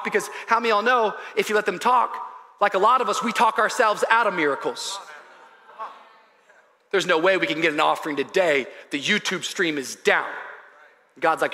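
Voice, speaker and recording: High-pitched, animated man preaching. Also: fairly quick. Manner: animated preaching, rising to shouts; casual storytelling with slang. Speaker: pastor. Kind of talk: sermon. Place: large church auditorium with congregation. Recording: live church hall reverb, crowd.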